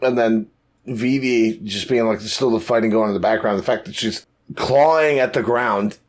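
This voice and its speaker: A man co-hosting a podcast in casual chat, talking in an animated, profane way and acting out quotes. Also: on the low side, normal speed. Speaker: podcast co-host.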